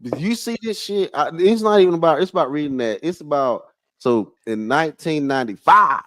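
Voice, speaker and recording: Excitable, cursing man with a dry sound. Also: fairly high pitch, fairly quick, no room sound, poor audio. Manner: excitable, profane, swings between loud outbursts and muttering; stumbles when reading aloud. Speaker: livestream host. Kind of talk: casual livestream chat.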